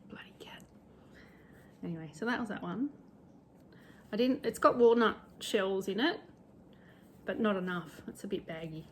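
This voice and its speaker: A middle-aged Australian woman with a mid-range voice speaks at a moderate pace with lively intonation and long pauses, over a faint hiss or hum. As a cross-stitch vlogger, she rambles chattily and cheerfully about sewing and stitching at home, now and then poking fun at herself.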